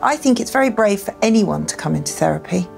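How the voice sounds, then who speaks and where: A woman speaking as a therapist, asking gentle, probing questions. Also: mid-range voice, lively intonation, quick pace, creaky, faint music behind. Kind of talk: therapy session.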